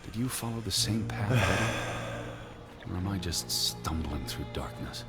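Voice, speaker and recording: An actor playing a cold, pedantic middle-aged gentleman scholar who speaks in a dry, dismissive, precise way. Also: low-pitched, expressive, measured pace. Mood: cool. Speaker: game character. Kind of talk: game voice acting. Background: game music.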